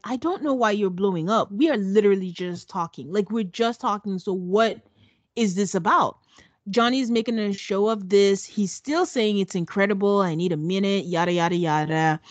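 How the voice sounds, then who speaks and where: A woman's voice: medium pitch, dry recording. Blunt sarcastic woman, dry close sound. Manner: blunt, sarcastic, mimics people she recaps. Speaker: podcast co-host. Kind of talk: casual recap chat.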